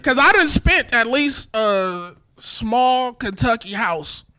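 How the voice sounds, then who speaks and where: A man in his thirties doing a casual, joking stand-up set with a light, high voice. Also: sing-song, takes it slowly, pushed and bright, smooth. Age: 30s. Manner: high light voice, loose and joking, swears a lot. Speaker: stand-up comedian. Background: small crowd laughing.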